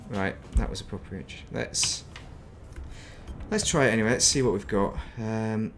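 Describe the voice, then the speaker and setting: A man's voice: fairly low pitch, moderate pace, fairly bright tone, a little hiss or hum. A middle-aged man chatting casually while streaming a game, rambling and reminiscing and muttering to himself. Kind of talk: casual gaming stream chat.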